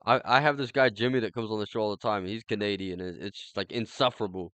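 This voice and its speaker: A man's voice: on the low side, steady tone, fast, a bit bright, no echo. A man hosting a podcast in casual chat, crude and teasing, swearing freely as he talks. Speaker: podcast host.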